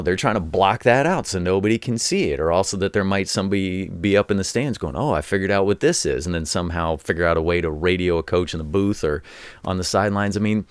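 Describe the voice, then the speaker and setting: A man's voice: sits low, no room sound, clean studio sound. A man hosting his own show, telling casual sports stories as a former college coach, rambling and often repeating his words. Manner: rambling, repeats words, acts out quoted voices. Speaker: show host. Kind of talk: casual commentary monologue.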